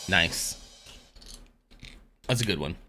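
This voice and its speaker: Low-voiced man chatting on a livestream. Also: expressive, slow, music in the background. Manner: rambling, tells dad jokes. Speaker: livestream host. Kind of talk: casual live stream chat.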